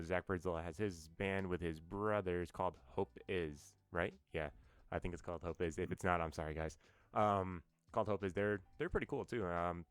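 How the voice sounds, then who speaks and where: Deep-voiced rambling bassist. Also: male voice, clear, resonant tone, dry recording. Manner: rambling storyteller, many fillers. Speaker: band bassist guest. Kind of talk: casual podcast interview. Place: New York.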